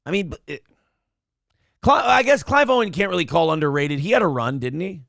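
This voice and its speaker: An American man co-hosting a casual morning talk show, animated, bursting into mock shouts and reading out chat comments. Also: fairly high pitch, fairly quick, creaky, no room sound, studio quality. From United States. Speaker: co-host.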